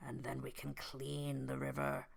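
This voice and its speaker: A man voicing a soft-spoken mafia boss villain in a hushed, slow, near-whispered way in a tabletop game. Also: mid-range voice, monotone, vocal fry. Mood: scheming.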